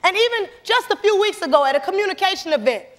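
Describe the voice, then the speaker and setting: A young woman giving an animated motivational speech in a church, calling out to the audience as she tells stories. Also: very high voice, quick pace. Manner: animated, calls to the audience, storytelling. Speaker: motivational speaker. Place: church sanctuary. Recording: long church hall reverb.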